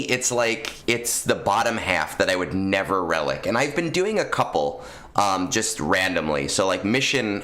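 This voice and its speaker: Deep-voiced, rambling male game streamer. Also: pushed and bright. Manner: rambling, filler-heavy, talks to chat. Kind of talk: casual gaming stream chat.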